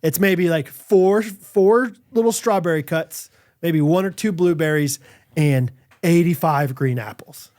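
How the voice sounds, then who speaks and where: A man's voice: fairly high pitch, measured pace, a little mellow. A man co-hosting a podcast in casual chat, ranting in an emphatic, exasperated way. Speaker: podcast co-host.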